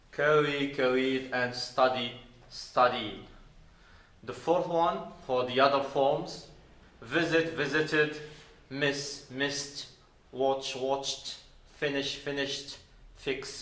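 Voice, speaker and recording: A man from Morocco teaching an English grammar lesson deliberately, repeating words and spelling out verb endings. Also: mid-range voice, a bit bright. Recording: roomy echo.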